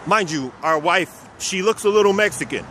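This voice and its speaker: A man's voice: high-pitched, animated, moderate pace, pushed and bright, a little hiss or hum. A man from South Texas casually telling personal stories, speaking of himself as "we" and chuckling now and then. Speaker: vlogger.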